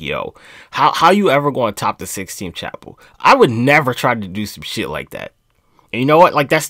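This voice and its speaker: A young man riffs to camera in a loose, profane, rambling monologue, his pitch swinging up and down as he gets worked up. He chuckles at his own jokes. The sound is close and dry, with no room around it. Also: pushed and bright, dry recording. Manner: rambling, swearing freely, laughing at himself. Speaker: vlog host. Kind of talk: casual profane rant to camera.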